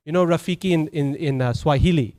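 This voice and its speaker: A man's voice: fairly high pitch, fairly quick, mellow. A man giving a Sunday sermon as a temple speaker, telling stories conversationally, with many fillers and restarts.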